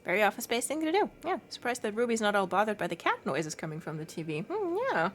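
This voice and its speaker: A woman's voice: medium pitch, sing-song, fast, slight background noise. Chatty, giggly woman streamer. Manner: chatty and giggly, baby-talking to her cat. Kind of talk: casual chat with stream chat.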